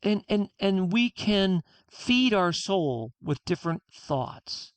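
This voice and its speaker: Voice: mid-range voice, big pitch swings, takes it slowly, clear, resonant tone, dry recording. A guest author on a podcast interview, talking earnestly and reflectively and acting out inner dialogue.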